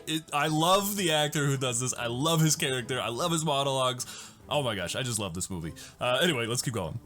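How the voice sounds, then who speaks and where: A man's voice: medium pitch, fast, fairly bright tone, faint music behind. A man hosting a casual movie breakdown, enthusiastic and chatty and often laughing as he retells scenes. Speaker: host of a movie breakdown show.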